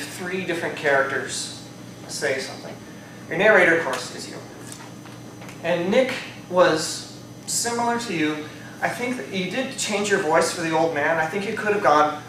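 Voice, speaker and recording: Brief: male speech evaluator, slightly high voice, chatty and hedging, far-off mic with heavy room echo. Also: a bit bright, slight background noise. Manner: conversational, hedges often with "I think" and "you know". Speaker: speech evaluator at a speaking club. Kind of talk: spoken speech evaluation to a live audience. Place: club meeting room. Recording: very echoey room from a distance.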